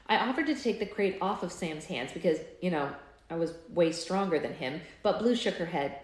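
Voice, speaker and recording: A woman's voice: fairly low pitch, animated, normal speed. A woman hosting a live book club, chatting casually and reading a novel aloud with offhand asides. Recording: echoey room.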